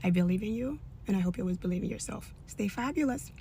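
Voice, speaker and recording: A woman's voice: mid-range voice, rapid-fire, creaky, a little hiss or hum. A woman giving a personal testimony in an emphatic, devout manner. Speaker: storyteller.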